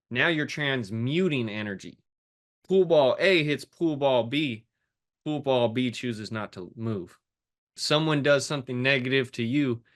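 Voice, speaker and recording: Guesting on an interview, a fitness and life coach talks passionately and intensely, occasionally letting a swear word slip. He has a medium pitch and a sharp tone.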